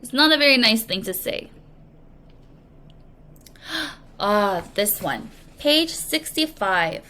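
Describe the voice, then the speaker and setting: A woman English teacher giving a recorded reading lesson, explaining slowly and patiently to young students. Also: fairly high pitch, very animated, bright, forceful tone. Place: language academy.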